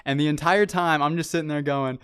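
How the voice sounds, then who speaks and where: High-voiced man telling an animated story. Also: a little fast, smooth. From California. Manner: animated, acts out quotes in raised voice, laughs often. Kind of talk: casual storytelling chat.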